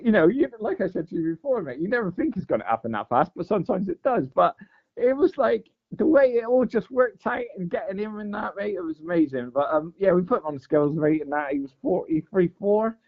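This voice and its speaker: A man's voice: high-pitched, a little fast, vocal fry. A man telling a long fishing story in casual chat, full of "mate" and "like". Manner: animated storyteller, says "mate" and "like" a lot. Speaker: podcast guest. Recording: dull lo-fi podcast audio.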